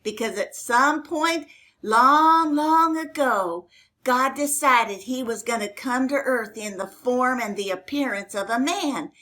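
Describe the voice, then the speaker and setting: A woman's voice: high voice, slow. An older woman hosting a children's Bible story show, telling it in a chatty, rambling, homespun way with plenty of fillers. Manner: chatty, rambling, homespun, warm toward kids. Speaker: storytelling host.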